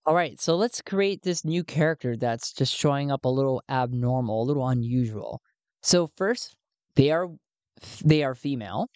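A woman's voice: extremely low pitch, animated, moderate pace, a little mellow, no room sound. A woman narrating a solo tabletop game, thinking aloud as she rolls dice.

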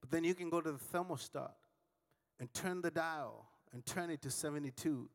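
High-voiced preacher swinging from shouts to hush. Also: male voice, moderate pace, gravelly, big-room sound. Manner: dramatic storytelling with big swings between shouting and hushed tones; acts out dialogue with audience call-and-response. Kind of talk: sermon.

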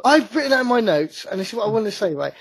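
High-voiced man with a husky tone. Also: very animated, very fast, no echo. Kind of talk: casual chat.

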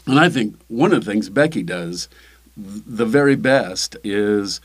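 An older man, a pastor, talking casually in an interview, halting with many fillers and restarts. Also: lowish voice, expressive, slightly rough.

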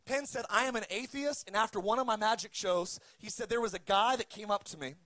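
High-voiced male preacher, dry sound. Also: brisk, dry recording. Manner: emphatic preaching with amen calls and shouted peaks. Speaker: pastor. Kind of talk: sermon.

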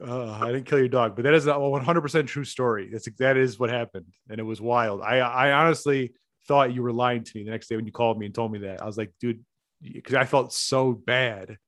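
A man's voice: medium pitch, fairly quick, fairly bright tone, dry recording, studio quality. Blunt, swearing podcast guy. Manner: blunt, swears freely, laughs mid-sentence. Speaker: podcast co-host. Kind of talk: casual chat.

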